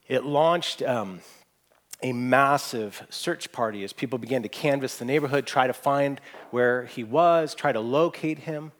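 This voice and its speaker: A man preaching to a gathered room, his voice at an ordinary middle pitch. He talks with earnest conviction, pushing up into emphatic, ringing stretches and then easing into quiet, tender asides. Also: measured pace. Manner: earnest, rising to emphatic peaks and dropping to soft quoted asides. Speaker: pastor. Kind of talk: sermon. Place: church hall with audience.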